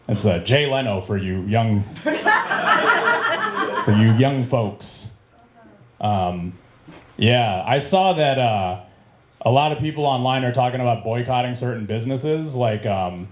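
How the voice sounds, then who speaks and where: A man's voice: medium pitch, darkish tone. A man in his late thirties doing a rambling stand-up comedy set in a club, laughing at his own jokes. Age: 30s. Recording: echoey club with faint room noise.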